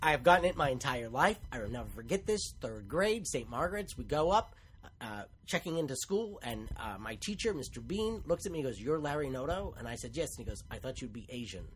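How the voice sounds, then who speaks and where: A man co-hosting a comedy podcast in casual banter, sarcastic and quick, getting over a cold. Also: mid-range voice, sing-song. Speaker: podcast co-host.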